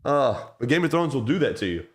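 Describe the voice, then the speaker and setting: A man hosts a casual chat in a mid-range voice. He gets excitable as he tells stories and swears freely. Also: mid-range voice, brisk. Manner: swears a lot, excitable storytelling. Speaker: host.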